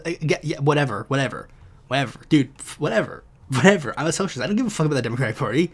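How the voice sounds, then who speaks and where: A man's voice: fairly high pitch, rapid-fire. A young man hosting a casual political commentary show, ranting in a profane, sarcastic way. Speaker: podcast host.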